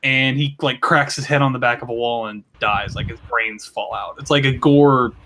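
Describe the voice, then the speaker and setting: A man on a podcast rambling through an anime recap, swearing often and clearing his throat. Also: mid-range voice, fairly even intonation, normal speed, bright, forceful tone, slight background noise. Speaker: podcast co-host. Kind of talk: casual chat.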